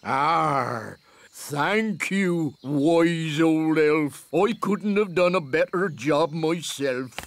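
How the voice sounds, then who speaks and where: A lazy, smug garden gnome. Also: male voice, on the high side, very slow, no echo. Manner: smug, sly. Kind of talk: children's cartoon voice acting.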